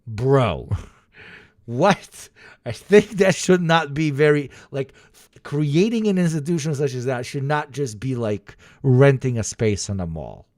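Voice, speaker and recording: A man rants on a livestream, swearing and mocking in put-on voices. His pitch swings widely as he talks. The sound is close and dry, with no room around it. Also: unhurried, no room sound. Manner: profane, animated ranting with sarcastic mock voices. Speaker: streamer. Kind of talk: casual livestream commentary.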